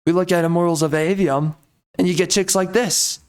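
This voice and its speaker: A man's voice: high-pitched, fairly even intonation, brisk, clean tone. A young man hosting a ranting commentary video, rambling and stammering with frequent restarts, exasperated and mocking. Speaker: video host.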